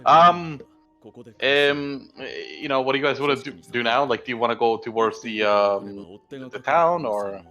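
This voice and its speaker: A man's voice: mid-range voice, unhurried, fairly bright tone, lo-fi sound, soft background music. A man running a casual tabletop game as dungeon master, rambling with lots of fillers and frequent laughs.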